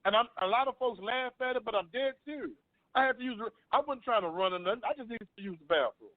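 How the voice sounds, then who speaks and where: A man's voice: extremely high pitch, lively intonation, fast, no echo. Earnest man telling a story over a phone line. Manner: earnest, storytelling, repeats himself. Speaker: panel guest. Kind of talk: personal story on a talk panel. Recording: dry phone-line sound.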